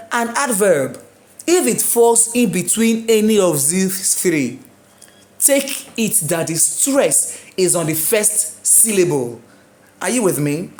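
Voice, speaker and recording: Woman tutor, slightly low. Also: darkish tone. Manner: repeats words slowly with rising emphasis, asks the class questions. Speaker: English exam tutor. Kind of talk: classroom-style video lesson.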